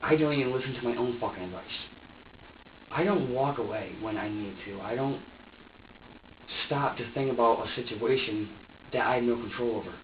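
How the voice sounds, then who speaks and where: Pausing often at a moderate pace, a medium-pitched man rants angrily and profanely while under police interrogation as a suspect. The audio is dull and echoey from a distant mic, with slight hiss or hum.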